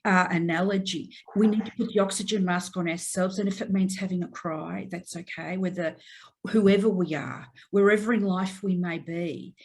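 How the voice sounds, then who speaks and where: A woman's voice: on the low side, fairly even intonation, normal speed, darkish tone, husky. A woman interview guest speaking earnestly and reflectively in a heartfelt way. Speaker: guest, mental health consultant. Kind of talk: interview conversation.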